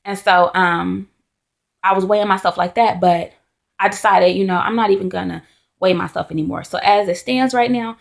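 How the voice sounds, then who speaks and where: Chatty woman with a gravelly voice. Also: medium pitch, moderate pace. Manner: chatty, animated storytelling with candid asides. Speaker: vlogger. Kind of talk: casual chat to camera.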